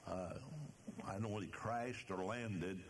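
An older man preaching a sermon in church, reading scripture slowly and emphatically, with some restarts and fillers. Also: deep voice, a little hiss or hum.

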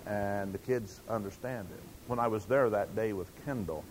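A man's voice: on the low side, moderate pace, a little hiss or hum, poor audio. An older man preaching a sermon, telling stories in a folksy way and acting out quotes. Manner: folksy storytelling with acted quotes.

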